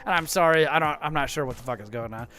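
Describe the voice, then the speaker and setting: High, smooth-voiced podcast host, casual and profane. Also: male voice, fast, fairly bright tone. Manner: loose, profane, joking, winding down the show. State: hiccuping. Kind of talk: casual live-stream chat.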